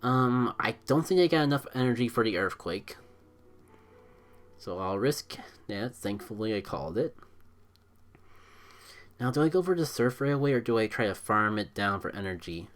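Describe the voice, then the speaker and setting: A man streaming a mobile game, giving live commentary as he thinks out loud about his moves and is quick to blame himself. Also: medium pitch, faint music behind. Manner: excitable, thinks aloud, self-critical.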